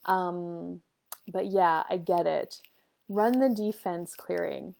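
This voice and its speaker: Woman in her thirties, casual parenting talk, lively storyteller voice, acts out dialogue. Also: on the low side, takes it slowly, vocal fry. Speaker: host and life coach.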